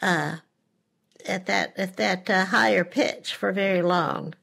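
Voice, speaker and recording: A woman's voice: on the low side, slow, vocal fry, a bit bright, slightly rough. A woman scambaiter talking bluntly and mockingly on a prank phone call, often repeating herself.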